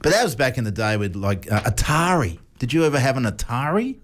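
A man's voice: medium pitch, sing-song, fairly quick. A man hosting a radio show, chatting casually, joking and laughing often.

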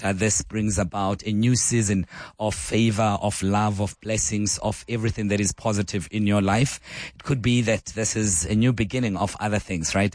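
A man hosting a live talk radio show with a croaky voice, chatting and rambling with frequent fillers and restarts. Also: fairly low pitch, dry recording. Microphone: studio microphone.

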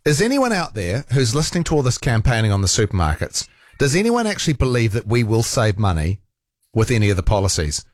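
A man's voice: mid-range voice, quick pace, no room sound, studio quality. A man hosting talkback radio, chatty and jokey, taking calls and reading out texts. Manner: lively, chatty, jokey, prone to restarts. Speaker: radio host. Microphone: studio microphone.

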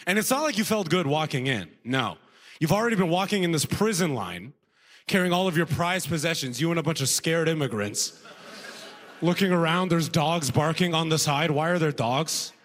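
A young male comedian works a live stage set in a loose, self-deprecating way, dropping "right?" after his jokes. His voice sits a touch high. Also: animated, normal speed, fairly bright tone, long reverb tail. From Sudan. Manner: conversational, self-deprecating, frequent "right?" tags and laughs. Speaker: stand-up comedian. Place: comedy club stage before a live audience.

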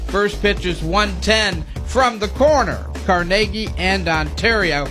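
A man's voice: high voice, measured pace, music in the background. A man hosting a sports radio segment, reading scores and trading dry jokes. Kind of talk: sports news rundown with banter.

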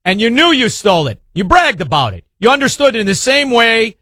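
High, animated sarcastic talk radio man. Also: fairly quick, no room sound, clean studio sound. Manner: sarcastic, mocking, hurls insults. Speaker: radio talk show host. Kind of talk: combative talk radio rant.

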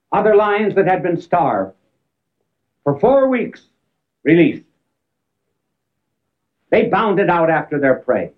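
A man giving a talk on public speaking, telling an anecdote with emphatic rises and sudden quiet drops. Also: fairly high pitch. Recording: tinny phone-like band, old archive recording.

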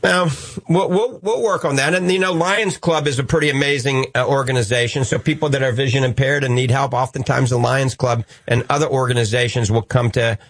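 A man's voice: medium pitch, steady tone, brisk, hardly any pauses, no room sound. A man with a New Orleans accent hosting a call-in radio show, upbeat and preachy, joking with callers. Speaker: radio host.

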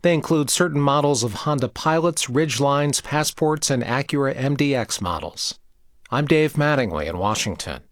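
A man delivers a national news bulletin in a steady, measured voice. He sits close to a dry studio mic with no room sound around him. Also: medium pitch, no echo. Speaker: newscaster. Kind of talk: scripted news reading.

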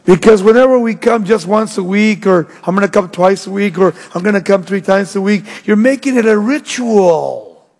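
High-voiced preaching man, husky, in a reverberant hall. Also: a little mellow. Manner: emphatic preaching with rising and falling delivery. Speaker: pastor. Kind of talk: sermon.

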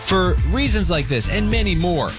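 A man's voice: high voice, very animated, moderate pace, over music. A man hosting a radio show, easygoing in casual chat. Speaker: radio host.

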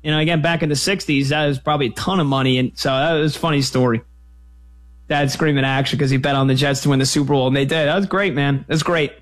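A man hosting a sports talk radio show, taking callers in a quick, energetic, conversational way. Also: fairly high pitch.

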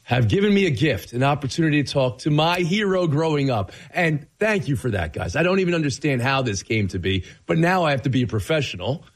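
A man filling in as host of a sports talk radio show, excitable and gushing, with his voice cracking. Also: a little high, a little fast, few pauses. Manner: excitable, gushing, laughs easily.

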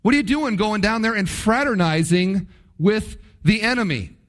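A man preaching a sermon, addressing his congregation with rhetorical questions and stretching key words for emphasis. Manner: emphatic, swings between low drawn-out stresses and quick asides. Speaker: pastor.

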